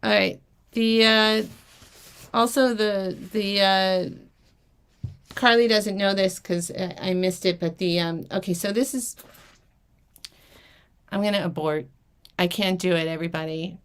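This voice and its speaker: A woman's voice: medium pitch, steady tone, a little slow, long pauses, clear, resonant tone. A woman hosting a live vintage jewelry auction stream, flustered and rambling, laughing often between fillers and restarts. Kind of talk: casual live-stream chat.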